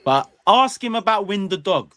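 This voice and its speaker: A man's voice: sits high, animated, normal speed, fairly bright tone, no echo. A man on a football fan panel sounding exasperated and sarcastic. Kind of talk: heated panel talk.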